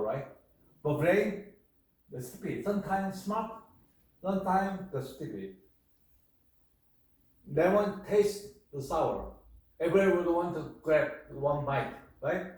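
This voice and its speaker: A man gives a class lecture, speaking slowly in halting, repetitive phrases. His voice sits a little high for a man. The sound is very echoey, picked up from a mic well away from him. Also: a little mellow. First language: Korean. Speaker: university lecturer. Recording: echoey room, mic far off.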